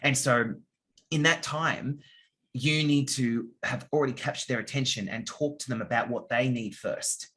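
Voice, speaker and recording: A man speaking as a copywriter guest in an interview, giving casual answers and explaining with examples, now and then acting out readers' reactions in quick asides. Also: mid-range voice, bright, forceful tone.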